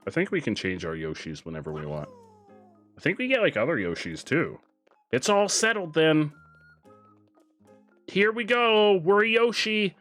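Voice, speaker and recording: Faint game music plays as a man streams his gameplay, talking at a moderate pace in a mid-range voice. His casual commentary is lively and full of jokes, and he reads the game's text aloud as he goes.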